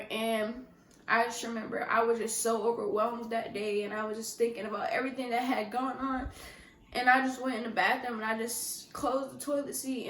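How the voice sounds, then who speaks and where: A young woman with a fairly high voice recounts a personal story for her vlog. She speaks softly and emotionally, often pausing and restarting her sentences. The sound bounces around an echoey room. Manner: soft-spoken, emotional, halting with many restarts. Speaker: vlogger.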